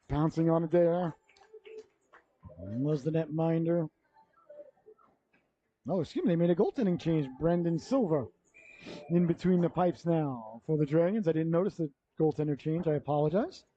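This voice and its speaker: A man's voice: fairly high pitch, animated, moderate pace, long pauses, mellow. Chatty man calling youth hockey. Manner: chatty, rambling asides and self-corrections. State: yawning, running out of breath. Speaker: play-by-play commentator. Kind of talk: youth hockey play-by-play commentary. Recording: dull, lo-fi local broadcast audio.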